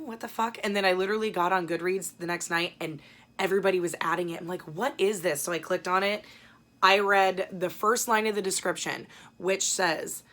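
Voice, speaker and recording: A woman's voice: fairly low pitch, fairly bright tone. A young adult woman chatting casually as a book vlogger, rambling and swearing now and then. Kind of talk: casual book haul chat.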